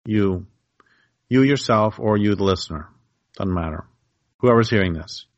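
A man's voice: lowish voice, expressive, moderate pace, dry recording, highs cut off. A man speaking as a guest author in a conversational interview, earnestly building his argument through vivid hypothetical scenarios.

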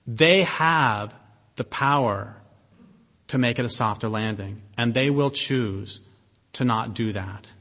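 A man giving an impassioned public talk, blunt and sardonic, with emphatic stresses and long pauses. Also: medium pitch, fairly bright tone. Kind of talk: impassioned lecture to an audience. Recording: long reverb of a hall.

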